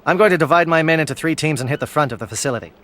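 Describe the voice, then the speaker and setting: An actor playing a stern, disciplined alien military captain in a video game, speaking in formal, clipped military phrases. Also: male voice, a little high, very fast, fairly bright tone, natural voice. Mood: resolute. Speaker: commander briefing troops.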